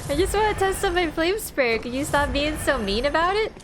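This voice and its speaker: Brief: excitable woman game streamer, animated pitch, swears a lot, game sounds and noise behind. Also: fairly quick. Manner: excitable, swears freely, laughs often. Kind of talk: casual gameplay commentary.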